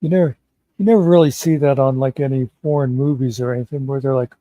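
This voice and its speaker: A man's voice: mid-range voice, steady tone, quick pace, mellow, no echo, muffled recording. An American man hosting a casual live-stream chat, joking easily with his co-hosts. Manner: easygoing, joking. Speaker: stream host.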